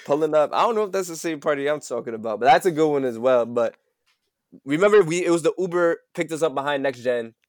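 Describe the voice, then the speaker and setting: A man's voice: a little high, animated, quick pace, no room sound, studio quality. A young man hosting a casual podcast chat, telling a laid-back, slang-filled story. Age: young adult. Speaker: podcast host.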